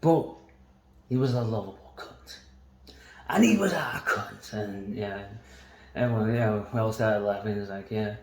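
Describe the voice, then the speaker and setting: A man's voice: on the low side, a little slow, reverberant, poor audio. A man telling a long personal story in a waffling, casual monologue, swearing often and laughing between lines. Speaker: vlogger.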